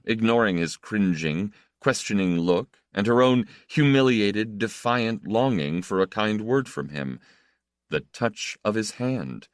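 A man reading a literary novel aloud as an audiobook narrator, expressive and measured. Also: low voice, no echo, clean studio sound.

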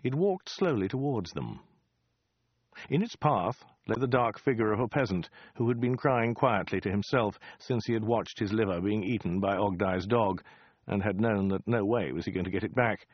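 A man's voice: fairly low pitch, normal speed, no echo, muffled recording. A man narrating a comic science fiction story in a dry, wry storytelling manner. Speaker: audiobook narrator.

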